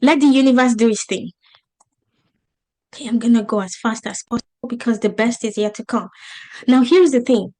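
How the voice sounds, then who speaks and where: Woman, non-native accent, fairly high voice, motivational webinar coach, emphatic, rhetorical questions. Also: steady tone, brisk, pauses often, warm tone. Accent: non-native English. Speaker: business coach. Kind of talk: webinar teaching. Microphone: video call.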